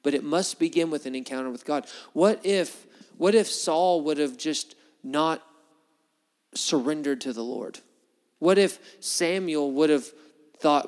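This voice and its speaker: Man preaching in a reverberant hall. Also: moderate pace. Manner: storytelling, acts out biblical dialogue with shifting pitch. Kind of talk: sermon.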